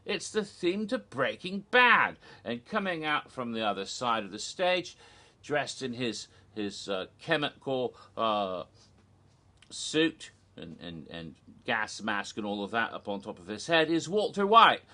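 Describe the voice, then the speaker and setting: A man casually recounting a theme-park show in an animated, gossipy way with giggles. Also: lowish voice, a little slow. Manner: animated, gossipy, giggles at his own jokes. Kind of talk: casual recap narration.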